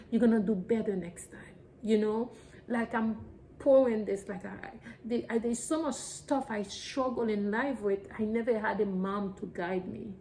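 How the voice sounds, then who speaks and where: Woman, young mom, personal vlog; warm, soft tone, heartfelt and emotional, plain loose phrasing. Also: medium pitch, slight background noise, rough recording. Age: adult parent of young children. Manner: earnest and emotional, speaks in simple, loosely structured English. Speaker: mother sharing a personal story.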